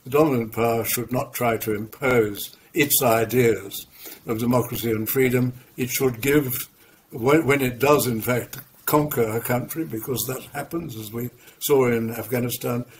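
A man's voice: medium pitch, normal speed, a little hiss or hum. Older Australian man hosting an interview. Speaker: host. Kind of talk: interview questions.

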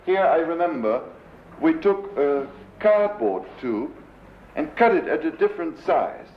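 A man with a German accent giving a live lecture as a composer, pausing to search for English words and imitating sounds with his voice. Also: a little high, expressive. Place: lecture hall. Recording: roomy dull 1970s lecture recording with faint hiss.

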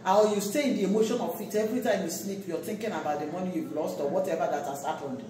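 A pastor preaching a sermon, swinging between loud exhortation and quiet asides. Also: medium pitch, fast talker. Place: large echoey church hall. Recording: echoey church hall from far off.

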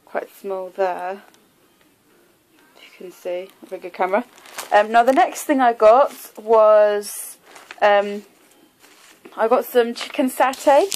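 A woman's voice: fairly high pitch, slight background noise, low-quality recording. Chatty young woman vlogging. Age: 20s. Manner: chatty and rambling, many fillers like um and like. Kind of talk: casual haul video.

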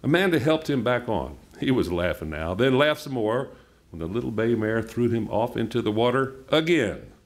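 A man reading a novel aloud at a book event in an unhurried, plainspoken way. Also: medium pitch, expressive. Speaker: reader.

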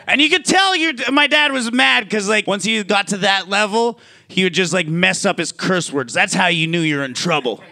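A man with a very high, bright voice performs stand-up comedy. He talks in a loose, chatty way, sprinkling in "like" and swearing freely. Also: normal speed. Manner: casual, profane, lots of "like" fillers.

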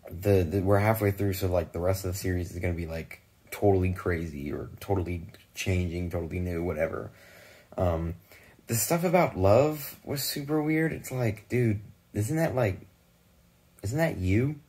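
A man's voice: sits low, darkish tone. A man reviewing a TV show in a casual, rambling vlog, full of "like" and "I don't know" fillers, swearing freely.

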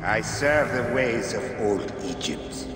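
A scornful villain priest. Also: male voice, mid-range voice, animated, music in the background. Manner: slow, preaching, contemptuous. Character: menacing male cult priest villain, scornful. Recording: roomy game audio with loud score.

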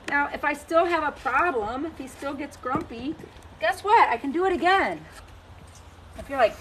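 A woman's voice: high-pitched, expressive, moderate pace, fairly bright tone, a little hiss or hum, rough recording. A woman from Missouri, a horse trainer talking casually to camera outdoors while trimming her horse's hoof, joking and folksy.

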